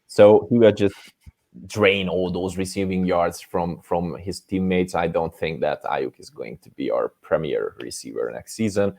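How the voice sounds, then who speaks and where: A man from Hungary, speaking English as a second language, co-hosts a relaxed sports chat. His voice sits very low, and he talks haltingly, backing up and restarting his sentences. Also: vocal fry. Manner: hesitant, many fillers and restarts. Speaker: co-host.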